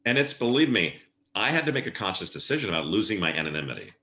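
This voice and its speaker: Middle-aged male guest, low bright voice, lively storyteller, roomy echo. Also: fast talker. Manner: animated storyteller acting out quoted voices. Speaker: podcast guest, event planner. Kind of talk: casual storytelling interview.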